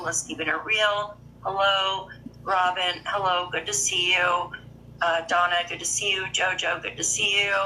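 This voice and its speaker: A woman's voice: mid-range voice, bright, forceful tone, slight background noise, rough recording. A woman hosting a true-crime livestream in a casual, chatty way, greeting viewers by name and reading news articles aloud with her own comments.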